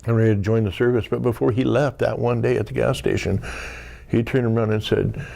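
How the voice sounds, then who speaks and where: In a mid-range, mellow, creaky voice with a steady tone, an American man in his sixties talks briskly. He is a guest in a casual storytelling interview, telling a long anecdote loosely, with frequent "you know" and dialogue he acts out.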